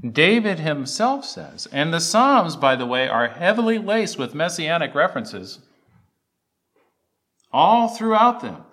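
A man's voice: on the high side, a bit bright. A man preaching a sermon, reciting scripture and asking the congregation emphatic questions. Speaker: pastor.

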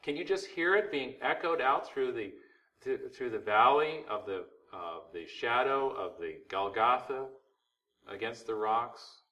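Male preacher, sermon delivery, sharp bright tone, recorded from a distance. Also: medium pitch, expressive, measured pace. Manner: preaching with rising and falling intensity, rhetorical questions. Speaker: pastor.

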